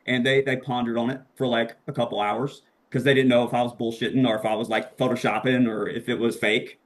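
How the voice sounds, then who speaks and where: A young man, a podcast guest, telling a story in a casual, excitable and profane way, acting out the voices he quotes. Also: medium pitch, brisk, few pauses.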